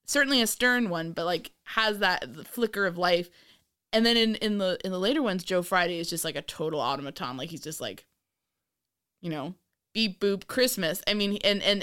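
A woman with a bright, somewhat low voice chats eagerly about an old TV series in a podcast conversation. She talks freely, piling on asides as she goes. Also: normal speed, clean tone. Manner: chatty and enthusiastic, with frequent fillers and restarts. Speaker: podcast co-host. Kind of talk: casual chat about an old TV show.

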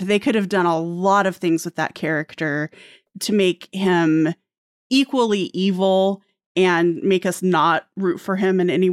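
A woman's voice: lowish voice, no echo, clean studio sound. A woman co-hosting a casual podcast chat, speaking emphatically and with frustration. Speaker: podcast co-host.

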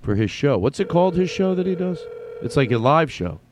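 A man's voice: a little high, sing-song, fairly quick, slight background noise. A man hosting a podcast, telling a story in a rambling, self-mocking way with stammering restarts. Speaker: podcast host. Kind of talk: comedic monologue.

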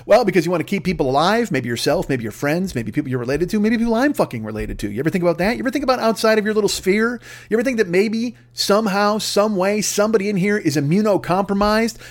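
A man's voice: high-pitched, animated, quick pace, few pauses. A man delivering an angry, profane, mocking comedic rant.

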